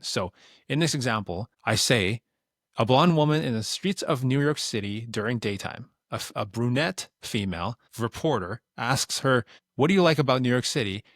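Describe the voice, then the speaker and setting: Relaxed man explaining a tutorial. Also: mid-range voice, no room sound, clean studio sound. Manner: relaxed, explanatory, plain-spoken. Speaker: tutorial creator. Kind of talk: instructional screen-recording explanation.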